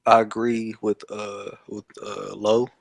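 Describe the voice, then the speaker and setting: A blunt, emphatic co-host on a casual sports picks chat swears freely while making confident predictions. His gravelly voice is on the low side, level in tone and slow, in a dry recording.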